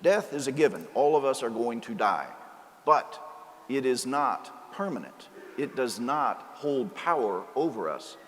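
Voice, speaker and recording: A man's voice: mid-range voice, very animated, measured pace, a bit bright, slight background noise. A male priest giving a sermon, telling a joke story and then preaching earnestly. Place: large cathedral. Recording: cathedral reverb, faint ambience.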